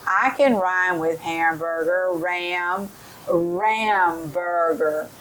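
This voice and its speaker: A middle-aged woman giving a teacher training lesson, explaining in a slow, careful way and modelling rhyming drills for children. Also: lowish voice, a little hiss or hum, low-quality recording.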